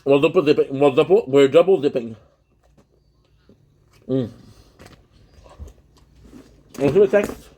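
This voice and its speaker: A man's voice: medium pitch, slow, pauses often, dark tone. A young man with a Québécois accent, chatting casually on a livestream while eating, switching between French and English and greeting viewers.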